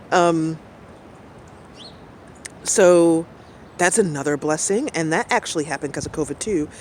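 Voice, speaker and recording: This middle-aged woman, a streamer, has a deep and slightly mellow voice. She rambles loosely through casual chat, laughing often between thoughts, while a faint hum of passing traffic sits beneath her outdoors.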